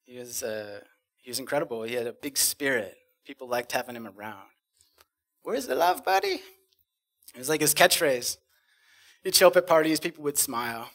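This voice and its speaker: A man on a conference stage performing spoken-word poetry, rhythmic and dramatic, swinging from loud bursts to hushed lines. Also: medium pitch, fairly quick. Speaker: conference speaker.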